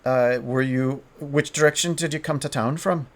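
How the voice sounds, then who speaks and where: A man's voice: mid-range voice, fairly even intonation, normal speed, lightly acted. A man voicing a genial male town lord, speaking in a put-on Irish accent with a hearty, welcoming manner.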